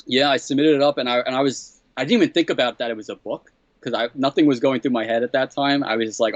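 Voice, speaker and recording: A man being interviewed as a comedy writer, retelling a story with plenty of energy. He jumps up into a higher voice to act out what other people said, laughs along as he goes, and keeps saying "what the hell". The sound is dry and a bit dull and lo-fi. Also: fast, no room sound. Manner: animated, acts out quoted exchanges in a higher voice.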